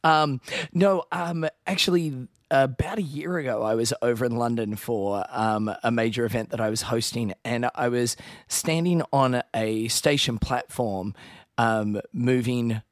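A man's voice: medium pitch, a little slow, no room sound, clean studio sound. An Australian man co-hosting a podcast, chatting casually over a video call and laughing at his own stories. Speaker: co-host.

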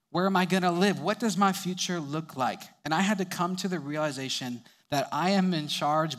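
A man's voice: medium pitch, a bit bright. A young adult man preaching a sermon, telling stories and chuckling between sentences.

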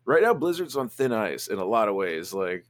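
A man's voice: lowish voice, big pitch swings, moderate pace, no echo. A man in a casual podcast chat, ranting emphatically and swearing.

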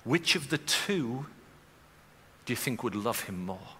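Man, pastor, slow-paced sermon, bright tone, long hall reverb. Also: mid-range voice, animated, slightly rough. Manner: builds from quiet storytelling to loud, impassioned preaching. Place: church auditorium.

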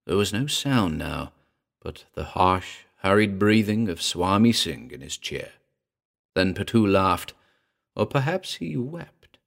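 A man narrating a ghost story in a measured, dramatic reading. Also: deep voice, big pitch swings, gravelly, fairly bright tone. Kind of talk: scripted audiobook narration.

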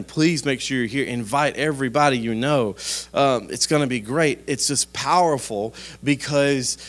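A man preaches a sermon at an ordinary pitch. He talks like he's chatting with friends, folksy and easygoing, then bursts into loud, animated moments when the story calls for it. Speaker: pastor.

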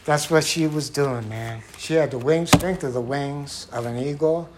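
A man preaching a sermon in an earnest, conversational way. He acts out the voices he quotes and drops to a quiet, low tone on key phrases. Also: moderate pace, heavy background noise.

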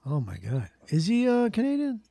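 A man with a gravelly, husky voice who talks slowly and reacts with drawn-out exclamations. His pitch swings widely as he jokes with his co-hosts on a morning show. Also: huge pitch swings, warm tone, no echo. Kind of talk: casual radio banter.

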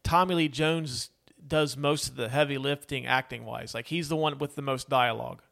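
A man's voice: mid-range voice, steady tone, moderate pace, gravelly, fairly bright tone. Rambling man chatting about movies. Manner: rambling, many fillers, laughs often. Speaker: podcast co-host. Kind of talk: casual movie review chat.

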